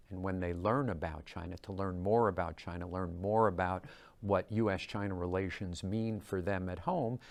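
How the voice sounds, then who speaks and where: Man, moderator; lower voice, polite and upbeat, reads questions, thanks guests. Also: creaky. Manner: upbeat, polite announcer wrap-up. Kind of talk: moderating a live broadcast.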